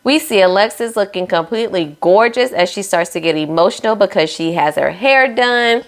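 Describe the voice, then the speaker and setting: A woman's voice: medium pitch, lively intonation, moderate pace. A woman recapping a reality show in a chatty, sassy way, with playful asides to her viewers.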